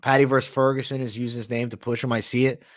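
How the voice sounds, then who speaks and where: Speaking quickly at a medium pitch with little rise and fall, a man hosts a live MMA stream. He reads viewer comments aloud and chats loosely, swearing and using slang while eating, sometimes with food in his mouth. He works as an MMA analyst and livestream host.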